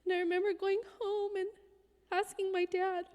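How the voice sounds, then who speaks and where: A woman preaching in a high voice. She tells a personal story with intense emphasis and sometimes drops to a hushed whisper. Her voice rings with the long reverb of a church hall. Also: little pitch movement, unhurried. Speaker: guest speaker. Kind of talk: sermon storytelling.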